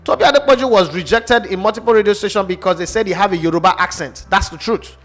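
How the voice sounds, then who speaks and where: A man's voice: sits high, quick pace, a bit bright, soft background music. A man with a Nigerian accent arguing his opinion on a sports talk show, emphatic and full of rhetorical questions. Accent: Nigerian English.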